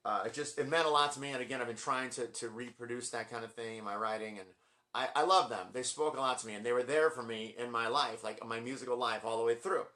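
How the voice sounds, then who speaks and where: Man, forties, bright forceful voice, rambling and gushing, apologetic asides: collection vlogger. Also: mid-range voice, fast talker. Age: 40s. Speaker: vlogger ranking his album collection. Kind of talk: casual collection vlog.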